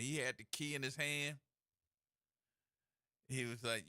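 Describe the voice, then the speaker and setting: A man hosting a call-in radio talk show, telling stories in a folksy, animated way. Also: mid-range voice, measured pace, long pauses, no room sound, studio quality. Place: radio studio. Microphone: studio mic.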